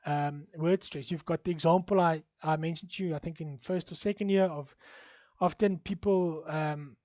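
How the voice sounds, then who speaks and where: A man's voice: fairly high pitch, fairly even intonation, moderate pace, a little mellow, dry recording, lo-fi sound. A man with an Afrikaans accent from South Africa, giving a recorded university lecture, hesitant and full of fillers.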